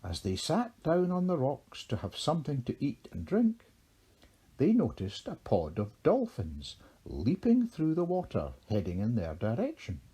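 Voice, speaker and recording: Slow, husky male storyteller. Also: mid-range voice, huge pitch swings, warm tone. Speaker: narrator. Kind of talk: storybook reading.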